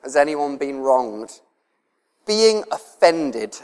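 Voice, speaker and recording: A man's voice: medium pitch, sing-song, takes it slowly, a little mellow, clean tone. Preacher man in a reverberant hall. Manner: conversational, chuckles often, emotional. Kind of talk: sermon.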